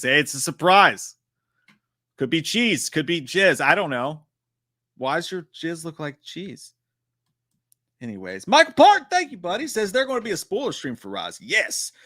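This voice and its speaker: A man hosting a live stream, chatting casually and profanely about horror trailers with a joking, animated manner. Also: fairly high pitch, no room sound, clean studio sound.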